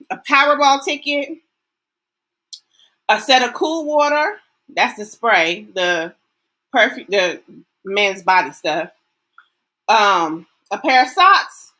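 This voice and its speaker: Middle-aged woman, show host, folksy and chatty, slow and bright-toned. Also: a little high. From Texas. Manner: chatty, folksy, talks to viewers directly. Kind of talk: casual livestream chat.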